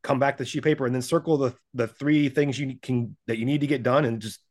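A man talking as a podcast guest in casual chat, lively and animated, acting out what other people say and laughing often. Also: medium pitch, fast talker. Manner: animated, acts out quoted voices, laughs often. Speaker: podcast guest, business and gym owner.

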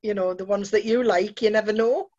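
Enthusiastic woman host, husky tone, muffled recording. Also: mid-range voice, fairly even intonation, brisk, a little mellow. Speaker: podcast host. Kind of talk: casual chat.

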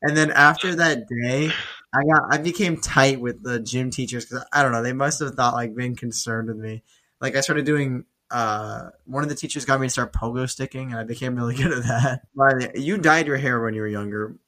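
A young man co-hosting a podcast, telling stories in a loose, animated way and swearing often. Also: mid-range voice, a little fast. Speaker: podcast co-host. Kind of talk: casual chat.

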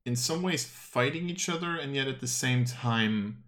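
A man's voice: mid-range voice, expressive, normal speed, fairly bright tone. A man narrating as game master of a tabletop game, rambling and hesitant, with many fillers and self-corrections.

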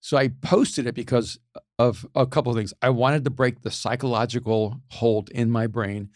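Animated man laughing through casual chat. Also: mid-range voice, moderate pace, dry recording, clean studio sound. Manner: animated, laughs often, repeats words when starting sentences. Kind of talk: casual conversation.

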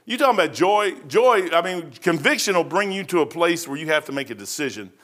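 A man's voice: fairly high pitch, expressive, fairly quick, fairly bright tone. A man preaching a sermon as pastor. He talks in a folksy, conversational way, repeats his phrases and often says "man".

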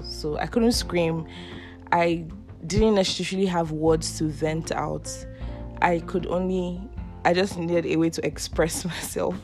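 A woman's voice: lowish voice, a little mellow. A young woman, hosting a podcast and telling a personal story casually, laughing often. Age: 20s. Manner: chatty, laughs often, acts out quoted voices. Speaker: podcast host.

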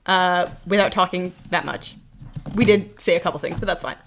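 A young adult woman co-hosting a casual chat podcast, wry and quick to laugh, steering the talk. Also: lowish voice, a bit bright, slight background noise. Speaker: podcast co-host.

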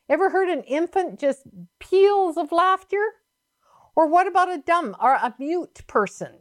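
A woman preaching a sermon in an emphatic, fervent, repetitive way. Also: fairly high pitch. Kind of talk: sermon teaching.

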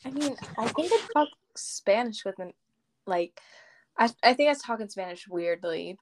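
A woman's voice: fairly high pitch, expressive, moderate pace, noisy background. A young woman chatting casually in a playful, dramatic, teasing way. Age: young adult. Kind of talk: casual chat.

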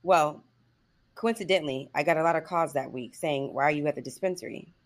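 A middle-aged woman co-hosts a podcast, chatting casually in a low voice at a fairly quick pace. She acts out quoted voices with plenty of expression.

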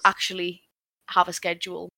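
A woman's voice: lowish voice, normal speed, vocal fry, a crowd in the background. Young Geordie woman co-hosting. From Newcastle, England. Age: young adult. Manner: laughing, swearing, lively banter. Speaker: podcast co-host. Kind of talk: casual chat.

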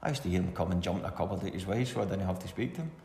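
A middle-aged Scottish former footballer, warm-toned with a low voice, talks rapid-fire through rambling anecdotes in a casual interview and chuckles now and then. The recording sits in an echoey room with long reverb and faint hiss.

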